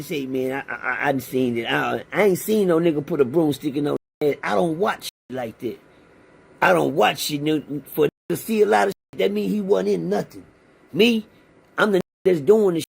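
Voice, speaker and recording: Man, raspy, husky high voice, streetwise prison storyteller, profane, casual. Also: darkish tone. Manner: blunt and streetwise, acts out the other men's lines. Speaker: former inmate telling prison stories.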